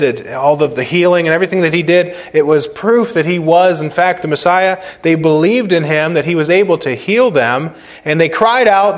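A male pastor preaching a sermon, repeating phrases for emphasis and swinging between loud stressed words and quiet, slow points. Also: on the high side.

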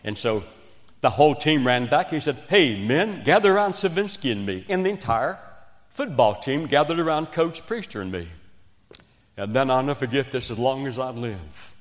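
Preacher with hall reverb. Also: male voice, medium pitch, normal speed. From West Virginia. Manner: animated storytelling, swings between loud emphasis and quiet asides. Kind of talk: revival sermon. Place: church sanctuary. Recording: long reverb of a church hall.

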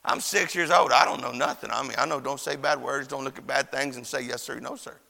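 Male preacher, folksy storyteller, bright edge, echo of a hall. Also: brisk, creaky. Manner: folksy, animated, shouts at high points. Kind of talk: sermon with storytelling. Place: church chapel.

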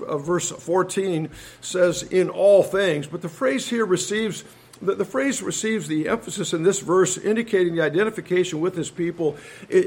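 Husky, high-pitched male preacher. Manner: slows down to read scripture and quotes; methodical, enumerates points, occasional restarts. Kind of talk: expository sermon.

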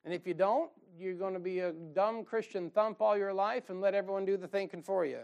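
A man preaching a sermon in a folksy, joking way, with sudden loud bursts of fire. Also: high voice, fairly quick, creaky, muffled recording.

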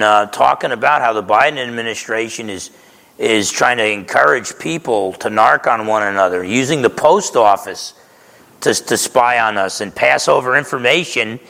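A man's voice: mid-range voice, creaky, sharp tone. A man in his sixties from New Jersey, preaching a conversational, emphatic sermon as a pastor. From New Jersey, USA. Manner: conversational, emphatic, keeps asking "okay?". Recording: reverberant hall.

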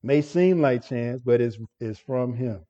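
Slow earnest preacher man, lo-fi. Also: mid-range voice, mellow. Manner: earnest, repeats words and restarts often. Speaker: pastor. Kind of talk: expository sermon.

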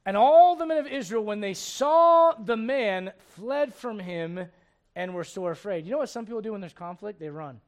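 A man in his forties preaching a sermon, animated, asking the congregation questions and acting out the voices he quotes. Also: high voice, normal speed.

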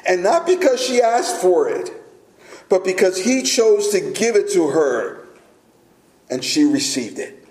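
A middle-aged man preaching a sermon as pastor, earnest and deliberate, with filler words. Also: sits high, expressive, darkish tone. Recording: echoey room.

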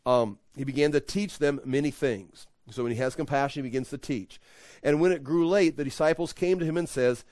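A man teaching a Bible study in a conversational way, acting out the people in the story with lively voices. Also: on the high side, brisk, dry recording. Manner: conversational, acts out quotes with animated voices.

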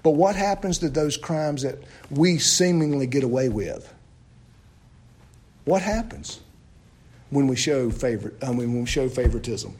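A man preaching a sermon, asking his listeners loud questions and dropping to low, hushed lines. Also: expressive, measured pace, pauses often, husky.

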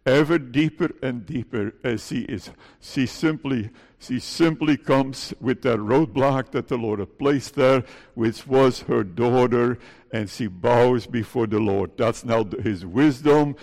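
Gravelly-voiced pastor preaching in a hall. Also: male voice, medium pitch, measured pace, a little mellow. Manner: earnest, pleading, repeatedly addressing the congregation with questions. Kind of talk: sermon. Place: church.

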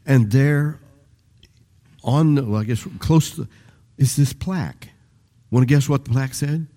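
A man's voice: mid-range voice, measured pace, long pauses, dark tone. An older man preaching a sermon in a rambling, conversational way, repeating and re-stressing his phrases. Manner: rambling, conversational, with restarts and varied emphasis. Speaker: pastor.

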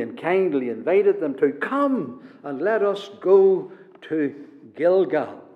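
A man's voice: a little high, big pitch swings, slow. A man preaching a sermon, emphatic and building to urgent repetition. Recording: dull hall recording from a distance.

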